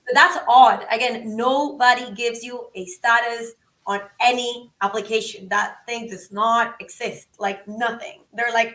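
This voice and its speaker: A woman guest on a podcast, telling a story in an animated, excitable way and acting out the quotes. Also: a little high, a little slow, echoey room, distant mic, low-quality recording. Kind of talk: casual storytelling.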